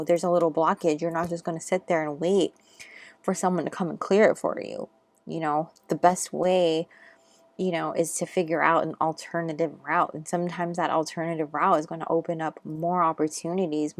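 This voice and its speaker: A woman's voice: sits low, no room sound. A woman giving a casual, intuitive tarot reading, chatty and rambling with lots of fillers, a little out of breath. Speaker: tarot reader.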